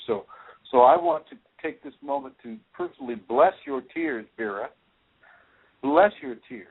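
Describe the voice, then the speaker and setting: Gravelly man counseling on phone-line radio. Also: mid-range voice. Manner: counseling, speaks directly to the listener with reassurance. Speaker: spiritual teacher hosting a radio show. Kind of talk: radio talk answering listener questions.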